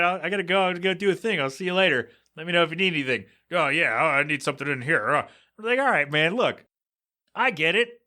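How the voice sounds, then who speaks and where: A man hosting a podcast, rambling casually through a story and acting out what people said. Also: fairly high pitch. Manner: animated storytelling, acts out quoted voices. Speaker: podcast host.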